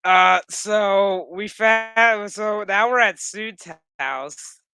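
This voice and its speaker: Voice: mid-range voice, very slow, sharp tone, clean tone, dry recording. A vlogger recapping a TV episode in casual, rambling commentary, profane and sarcastic throughout.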